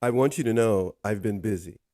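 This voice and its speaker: A man's voice: lowish voice, fairly quick, warm tone, no echo, studio quality. A man hosting a casual podcast, joking and teasing his guest and often telling her to go ahead. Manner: joking, teasing, keeps handing over with "go ahead". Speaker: podcast host.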